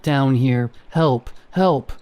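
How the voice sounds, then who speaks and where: A man voicing a trapped girl who turns out to be a mimicking creature, pleading and then eerily calm, with a raspy whisper. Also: mid-range voice, drawn-out words. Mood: menacing whisper. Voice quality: raspy whisper in its eerie moments.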